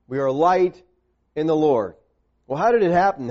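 A man preaching an expository Bible teaching sermon, stressing key words and slowing on quoted verses. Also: fairly high pitch, expressive, a little mellow. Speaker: pastor. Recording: dull lo-fi sermon recording.

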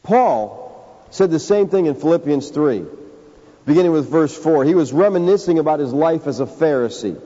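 A male pastor preaching with emphasis in a high, mellow voice. His sermon rings through a large church hall with a long reverb. The recording is dull and lo-fi. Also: animated, moderate pace. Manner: emphatic preaching, addresses listeners as folks.

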